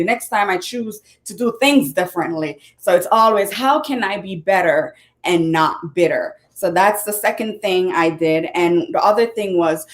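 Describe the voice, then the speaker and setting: A woman who is a motivational speaker and author, giving an earnest, casual talk. She repeats her points, often restarts her sentences, and now and then fumbles for words. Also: mid-range voice. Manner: earnest and repetitive, with frequent restarts.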